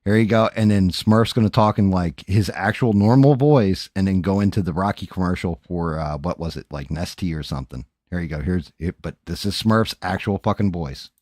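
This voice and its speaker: A man's voice: deep voice, moderate pace, hardly any pauses, darkish tone, dry recording, clean studio sound. Profane, rambling man streaming live. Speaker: streamer and host. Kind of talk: casual livestream chat while painting.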